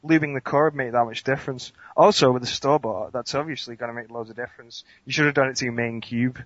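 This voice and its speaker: A man's voice: mid-range voice, fairly even intonation, fast talker, fairly bright tone, no echo. A man co-hosting a podcast, chatting casually in a skeptical, teasing way. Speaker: podcast co-host. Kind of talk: casual chat. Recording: dry, dull lo-fi sound.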